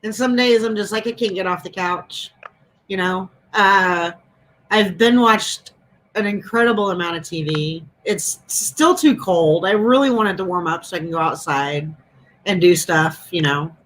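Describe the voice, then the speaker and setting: A woman's voice: fairly low pitch, moderate pace, a bit bright, slight background noise, poor audio. A woman hosting a casual chat over a video call, telling stories with a lot of laughter. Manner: chatty, laughing storyteller. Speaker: host.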